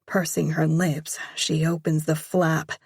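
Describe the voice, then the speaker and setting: A woman reading a first-person romance audiobook in a slow, measured way. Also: low-pitched, flat delivery, creaky, husky, no echo, clean studio sound. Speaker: audiobook narrator.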